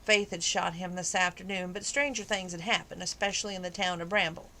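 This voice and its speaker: A woman's voice: on the low side, steady tone, a little fast, sharp tone, a little hiss or hum. A woman reading a romance novel aloud as a hobby, with casual asides and laughs between passages. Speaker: amateur audiobook reader.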